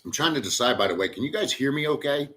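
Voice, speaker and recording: A man's voice: medium pitch, lively intonation, fast talker, background noise. A middle-aged man chatting casually with live viewers, rambling and blunt, with frequent cursing. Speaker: livestream host. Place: in the Philippines.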